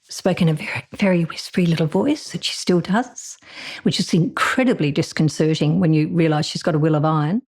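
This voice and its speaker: A woman's voice: low-pitched, a little fast, a little mellow, husky. A woman being interviewed, answering in a thoughtful, wry way.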